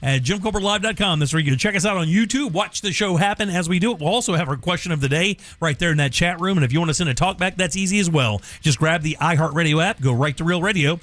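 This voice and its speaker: Upbeat radio host, slightly high voice. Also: male voice, a bit bright, dry recording. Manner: brisk, upbeat, laughs easily. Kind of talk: talk radio banter. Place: radio studio.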